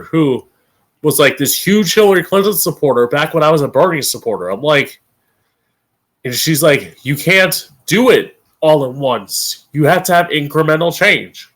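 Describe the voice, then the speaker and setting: A man's voice: a little high, a bit bright. Blunt, profane man ranting on a stream. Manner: emphatic, drawn-out stress on key words. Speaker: streamer hosting his own opinion show. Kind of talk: ranting political commentary.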